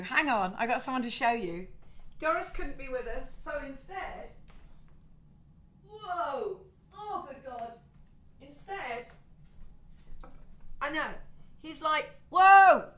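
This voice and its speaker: A woman hosting a livestream from her home over a webcam, chatting animatedly with viewers, greeting them with whoops and swearing freely in ranting bursts. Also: a little high. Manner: excited whoops greeting fans by name. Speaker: singer-songwriter hosting a livestream.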